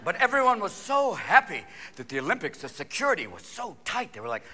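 Manic stand-up comedian, wildly animated. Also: male voice, high-pitched, a little hiss or hum. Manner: manic, rapid-fire voices and shouted punchlines. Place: large theater stage with a live audience. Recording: live stage recording with loud audience. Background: audience laughter and hall ambience.

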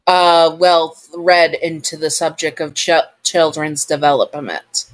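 An earnest young man applying as a nanny, hesitant and stumbling as he tries to sound qualified, read by a woman in her own low voice. The delivery is slow and plain. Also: steady tone.

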